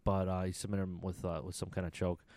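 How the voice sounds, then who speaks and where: Low-voiced man rambling through a story. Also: flat delivery, fast, dark tone, no echo. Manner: rambling, laughs often, swears casually. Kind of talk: casual storytelling chat.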